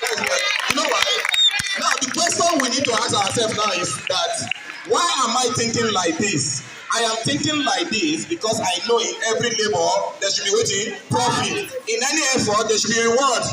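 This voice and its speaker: A man's voice: extremely high pitch, expressive, moderate pace. A man with a Nigerian accent giving a motivational talk to school pupils, posing questions for the room to answer in a sing-song way. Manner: call-and-response questioning, sing-song emphasis. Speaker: guest speaker at a school event. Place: school hall. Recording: echoey hall, distant mic, music and crowd behind.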